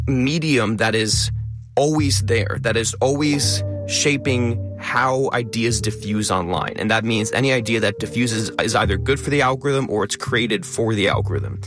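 A man talking as an interview guest, speaking quickly and stressing many of his words. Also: medium pitch. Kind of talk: interview conversation.

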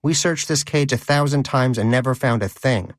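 A man's voice: medium pitch, moderate pace, no echo, clean studio sound, voice pushed up, close to an everyday voice. A man voicing a pious, prim male pet rodent in a cage, earnest and indignant.

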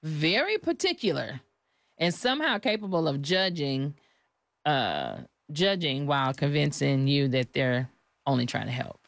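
A woman hosts a radio show in a lively, playful way. She teases her co-host and chats casually with listeners. Her voice sounds close and dry in the studio. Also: low voice, measured pace, vocal fry, no room sound.

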